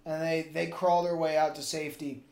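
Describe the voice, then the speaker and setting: A man's voice: on the high side, little pitch movement, brisk, vocal fry, darkish tone. Man riffing crude comedy in an echoey room. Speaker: podcast co-host. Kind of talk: improvised comedy storytelling. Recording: roomy echo with faint background noise.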